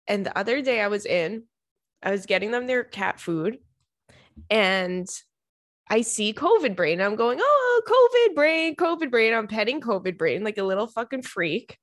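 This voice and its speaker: At normal speed and in a mid-range voice, a young woman chats to camera, telling her viewers funny stories. Laughter comes often, so does swearing, and she's always calling them "girl" and saying "like".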